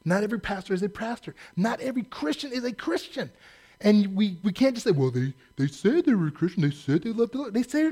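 A male pastor preaching a sermon in a blunt, sarcastic, animated storytelling manner. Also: high voice, husky. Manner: animated storytelling with acted quotes.

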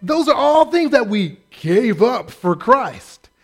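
A man's voice: very high voice, big pitch swings, slow. A man preaching a sermon as pastor, humorous and acting out the voices of the people in his stories. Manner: humorous, acts out quoted voices.

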